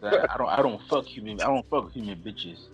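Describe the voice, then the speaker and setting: A man co-hosting a casual comedy chat, animated and profane, acting out bits with lots of voices. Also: fairly low pitch, normal speed, lo-fi sound, music in the background. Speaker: podcast co-host.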